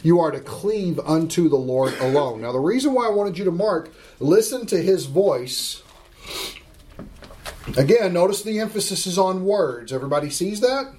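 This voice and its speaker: High-voiced man teaching a Bible class. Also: animated, a little mellow, a little hiss or hum. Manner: emphatic, slows down to stress scripture, asks the class questions.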